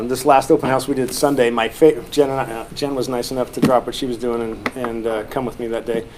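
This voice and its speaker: A man teaching a classroom of real estate agents, animated and joking, putting questions to the room and acting out what people say. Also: medium pitch, background noise. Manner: animated, joking, acts out quoted lines.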